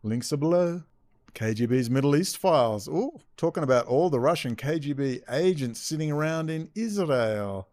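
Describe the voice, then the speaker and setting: A man's voice: on the high side, animated, moderate pace, darkish tone, dry recording. Sarcastic man reading aloud. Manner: sarcastic asides. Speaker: video host. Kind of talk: commentary reading texts aloud.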